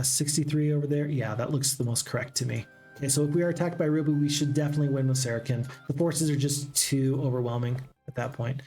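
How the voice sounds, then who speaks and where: A man's voice: mid-range voice, warm tone. A man hosting a gaming channel, giving casual play-by-play commentary on a strategy game, chatty and thinking aloud.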